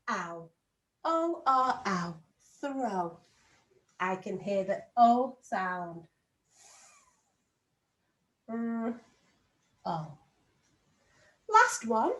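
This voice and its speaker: A woman teaching a recorded phonics lesson to young children, sounding out letters and praising them warmly. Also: mid-range voice. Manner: slow, encouraging, sounds out letters. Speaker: reception class teacher.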